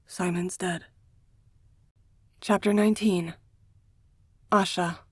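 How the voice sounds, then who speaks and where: A woman reading a first-person romance novel aloud in a hushed, emotional manner, as a scripted audiobook narration. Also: lowish voice, steady tone, slow, breathy edge, no room sound, studio quality.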